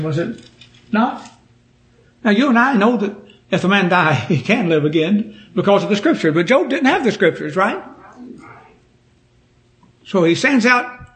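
A male preacher, delivering a fervent sermon that builds in force and repeats its key phrases. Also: high voice.

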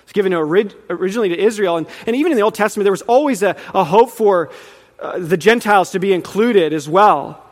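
High-voiced preacher in a reverberant hall. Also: male voice, expressive, fast. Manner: earnest, rising in emphasis, quizzes the audience. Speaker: preacher teaching on Revelation. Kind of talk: sermon teaching.

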